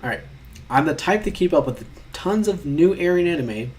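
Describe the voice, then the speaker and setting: A man's voice: on the high side, animated, moderate pace, darkish tone. A young man chatting casually while taking online quizzes, reading questions aloud and rambling in mock-outraged asides, sometimes muttering.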